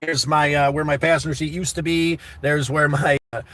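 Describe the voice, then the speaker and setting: A man's voice: a little high, little pitch movement, moderate pace, a bit bright. A man chatting casually to livestream viewers from his parked car, rambling and earnest, repeating himself and swearing freely. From New York State.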